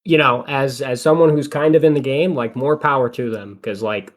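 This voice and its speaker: A young man from Illinois co-hosting a casual podcast chat, animated when telling stories and explaining details. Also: medium pitch, moderate pace. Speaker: podcast co-host.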